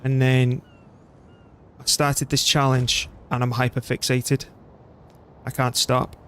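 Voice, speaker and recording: A man's voice: medium pitch, completely flat delivery, slow pace, a bit bright, a little hiss or hum. A middle-aged British man chatting and rambling casually while streaming a strategy game. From Britain. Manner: rambling, chatty, self-deprecating. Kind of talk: casual gameplay commentary.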